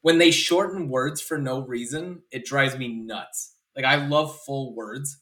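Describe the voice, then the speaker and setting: A man's voice: mid-range voice, unhurried, a bit bright. A man co-hosting a podcast in casual chat, ranting in exasperation and swearing freely. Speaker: podcast co-host.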